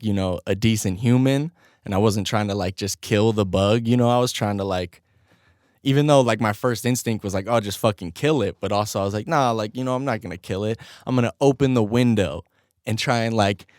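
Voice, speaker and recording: Telling a story on his own home-studio podcast, a man with a lowish voice speaks fairly quickly, casual and animated, cursing constantly and laughing as he goes. There's no echo.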